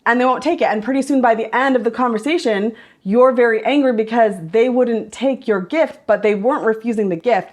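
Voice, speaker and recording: A woman vlogger and mother telling a story in a chatty, lively way, quoting herself as she goes. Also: on the high side. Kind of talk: casual storytelling vlog.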